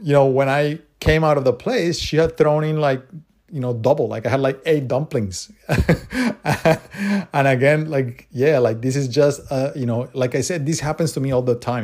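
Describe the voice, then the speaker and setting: A man's voice: mid-range voice, a little mellow. A man telling casual anecdotes to camera in a rambling way, with many restarts and asides. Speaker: vlogger.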